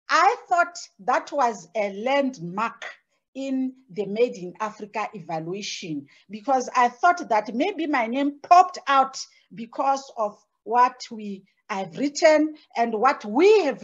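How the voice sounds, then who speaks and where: A woman scholar speaking on a panel, measured and hesitant, with many fillers and restarts. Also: sits high, highs cut off. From Botswana. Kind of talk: panel talk.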